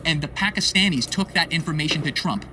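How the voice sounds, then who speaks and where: A man giving casual political commentary on his stream, sarcastic and exasperated, with rapid asides. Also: a little high, distant mic, background noise.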